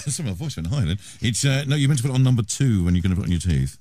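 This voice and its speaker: Male radio host, low and lively, teasing and playful. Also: very fast, no room sound. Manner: joking, teasing, cheeky. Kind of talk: casual on-air banter.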